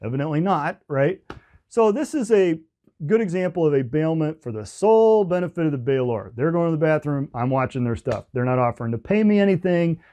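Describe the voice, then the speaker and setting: A man's voice: on the high side, animated, brisk, dark tone. Chatty man giving a law lecture. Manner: chatty, joking asides, frequent "okay?" and "right?" tags. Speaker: business law professor. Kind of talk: casual classroom lecture.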